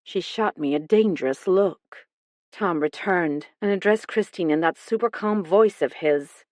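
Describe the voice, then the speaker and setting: A woman narrating a mystery audiobook in the first person, with clear, even storytelling. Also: on the low side, measured pace, no echo, clean studio sound.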